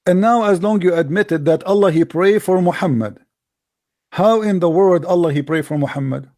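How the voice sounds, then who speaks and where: A man's voice: high-pitched, normal speed, darkish tone, no echo. Scornful man with dry close sound. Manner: scornful, insulting, laughs at his opponent, non-native grammar. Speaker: commentator reacting to a debate clip. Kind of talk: mocking reaction commentary.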